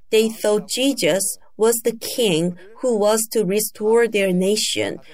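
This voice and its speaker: Slow, deliberate woman preaching a sermon. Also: medium pitch. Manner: slow, deliberate storytelling with emphatic raised cries for quoted shouts.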